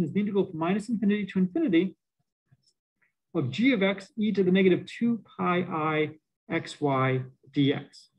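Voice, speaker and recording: High-voiced Boston professor lecturing. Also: male voice, rough recording. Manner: animated, joking asides to students. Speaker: math professor. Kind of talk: university lecture. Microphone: muffled by face mask.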